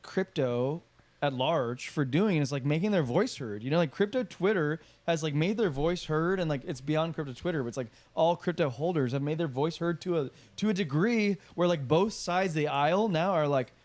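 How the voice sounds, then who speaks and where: A man's voice: a little high, animated, normal speed, darkish tone. A man co-hosting a podcast, rambling in casual chat with many fillers and repeats. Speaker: podcast co-host.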